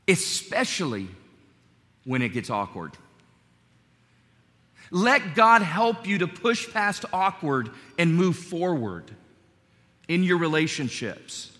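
A man from North Carolina preaching a sermon, telling stories in a conversational way with animated asides. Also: a little high, slow, pauses often. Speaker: pastor. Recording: long hall reverb.

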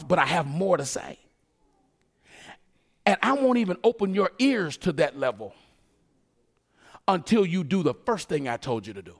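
High, animated preaching man. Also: normal speed, pauses often. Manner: conversational, joking preaching with acted asides. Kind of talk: sermon.

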